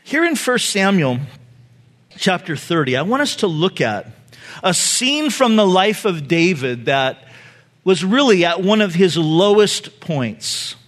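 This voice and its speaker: High-voiced pastor guy telling a story in his sermon, lots of you know's, laughs along. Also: very animated, unhurried, a bit bright. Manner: conversational, many fillers, laughs at own stories.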